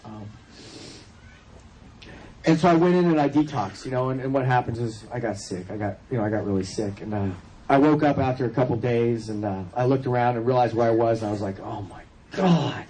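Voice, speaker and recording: A medium-pitched, mellow voice belongs to a California man speaking a little fast at a recovery convention. In a low-quality recording with crowd noise and laughter behind him, he tells his personal story loosely, joking and making asides to the audience.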